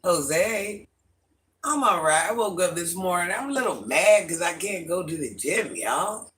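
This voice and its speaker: A middle-aged man chatting casually on a livestream, greeting viewers by name and answering their comments in an animated way. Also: high voice, measured pace. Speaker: livestream host.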